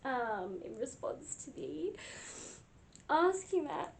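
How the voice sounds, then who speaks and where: A woman ghost hunter speaking in a hesitant, halting way, close to tears. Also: high voice, very animated, gravelly, slight background noise. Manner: hesitant, halting, with nervous laughs. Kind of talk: vlog commentary.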